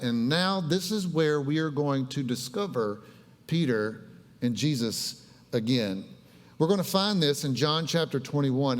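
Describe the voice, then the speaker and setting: A man's voice: mid-range voice, big-room sound. A man preaching a conversational, humorous sermon in a church. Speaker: pastor. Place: church sanctuary.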